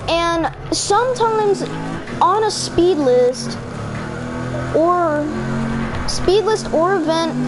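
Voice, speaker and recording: High-voiced woman, slow game commentary. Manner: rambling, many fillers and restarts. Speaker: gaming channel host. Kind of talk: casual let's-play commentary. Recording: noisy with car game sounds. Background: racing game engine noise.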